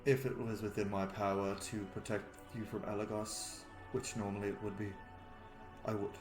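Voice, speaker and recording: A man voicing an eloquent, refined male dragon god who speaks in a solemn, measured way. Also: lowish voice, little pitch movement, music in the background, pitched below the performer's own voice, lightly acted. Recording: roomy echo.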